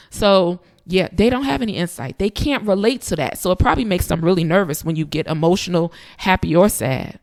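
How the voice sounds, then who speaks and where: A woman with a somewhat low voice hosts a reaction commentary. She talks emphatically and addresses her viewers directly, with plenty of asides. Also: fairly quick, few pauses, a little mellow. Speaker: commentary host.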